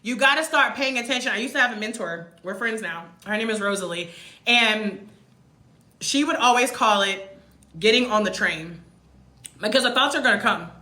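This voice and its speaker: Woman vlogger, thirties, high bright voice, emphatic motivational live-stream, echoey room. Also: moderate pace. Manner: emphatic, repeats lines, addresses viewers as y'all. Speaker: vlogger livestreaming to followers. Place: room in Mexico.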